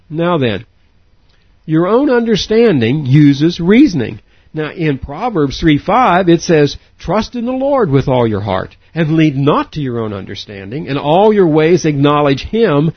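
Husky, animated man preaching. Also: no echo, dull audio. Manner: animated preaching, rises in pitch for emphasis. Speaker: pastor. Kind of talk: sermon.

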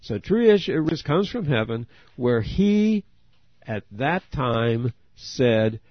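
A man's voice: mid-range voice, sing-song, drawn-out words, no room sound. A man preaching a sermon, earnest, asking his listeners direct questions. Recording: dry, dull lo-fi audio.

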